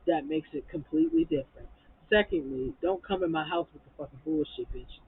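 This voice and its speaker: A woman's voice: low-pitched, brisk, a little hiss or hum. A woman reviewing a reality TV episode in a blunt, profane, heated way, acting out quotes from the show. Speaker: reality TV recap vlogger. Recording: tinny phone-like audio.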